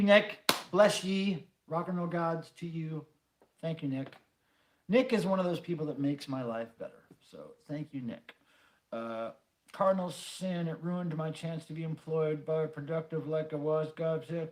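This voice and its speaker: Rambling man hosting a casual livestream. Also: on the high side. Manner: rambling, many fillers, swearing. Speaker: livestream host. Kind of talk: casual chat reading viewer comments.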